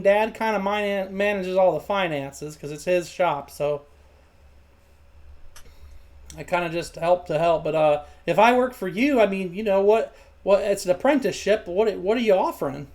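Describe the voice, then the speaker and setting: A woman's voice: mid-range voice, moderate pace, a little mellow, natural voice. A woman voicing an eager young male baker's apprentice who stumbles over his words and repeats himself. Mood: nervous. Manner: stammering, repeats words, earnest.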